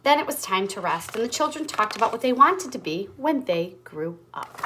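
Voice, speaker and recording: A woman reading a picture book aloud to children in an animated way, stopping for asides to her young listeners. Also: fairly high pitch, moderate pace, background noise. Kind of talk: storybook read-aloud.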